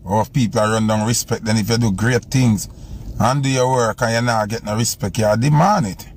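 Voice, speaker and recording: A man's voice: fairly low pitch, brisk, a little hiss or hum. Jamaican man chatting on a live stream. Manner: rambling, repeats phrases while scrolling comments. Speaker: selector going live. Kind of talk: casual live-stream chat.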